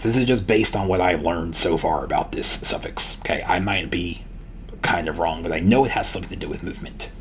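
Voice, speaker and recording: A man teaching a language lesson in a casual, relaxed way, repeating words slowly and often checking in with the listener. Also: low voice, slight background noise. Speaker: language tutor.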